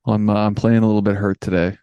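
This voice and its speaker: A man's voice: lowish voice, level tone, racing, mellow, clear, resonant tone, dry recording, lo-fi sound. A man co-hosting a podcast, easygoing and laughing along in casual chat. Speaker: podcast co-host.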